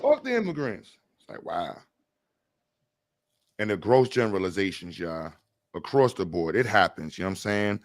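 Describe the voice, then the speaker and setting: A man's voice: low-pitched, sing-song, normal speed, pauses often, dry recording. A man hosting a casual livestream chat, talking bluntly and rambling with jokes. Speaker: host.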